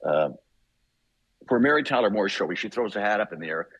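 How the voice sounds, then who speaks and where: An older man from Canada, a voice actor guest, telling animated anecdotes in a casual interview, acting out voices and laughing often. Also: lowish voice, fairly quick, husky, no echo, dull audio.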